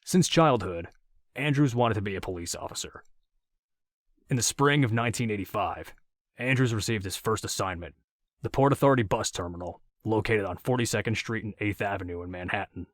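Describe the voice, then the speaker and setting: This is a low-voiced male audiobook narrator giving a steady, measured reading. The recording is dry and of studio quality.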